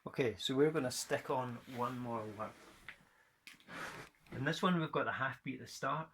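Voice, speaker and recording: A man's voice: medium pitch, moderate pace, a bit bright, a little hiss or hum. A man from Scotland teaching a guitar rhythm lesson, counting in and chanting rhythm words in time.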